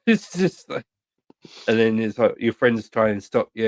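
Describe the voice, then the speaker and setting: A man's voice: mid-range voice, unhurried, dry recording. A man on a casual podcast, rambling through stories with heavy swearing and lots of filler words. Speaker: podcast co-host. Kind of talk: casual chat.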